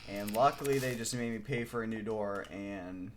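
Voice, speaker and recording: A young man with a lowish voice rambles through childhood stories for his chat at a moderate pace, packing nearly every line with "like." It's a casual live stream, and the background is noisy.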